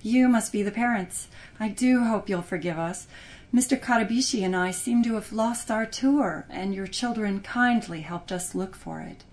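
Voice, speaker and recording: A woman's voice: mid-range voice, moderate pace, a little mellow, lightly acted. Prim, apologetic old lady in a storybook, read by a woman. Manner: polite, apologetic. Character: stern elderly woman, polite and apologetic.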